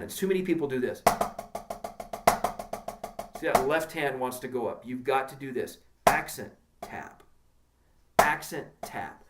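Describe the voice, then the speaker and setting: A man at an ordinary middle pitch teaches a drum lesson in a direct, encouraging way. Stick clicks and a clear layer of noise sit behind his voice. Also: roomy sound. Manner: direct, encouraging, counts strokes aloud while playing. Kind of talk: instructional video lesson.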